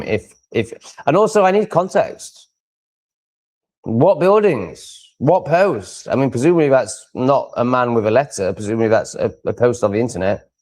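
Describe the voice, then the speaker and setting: A man talks straight to his live-stream viewers, picking up their comments as he goes. He is loose and opinionated, and he wanders off on tangents full of fillers and restarts. His voice sits in an ordinary middle pitch. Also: a little mellow. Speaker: livestream host.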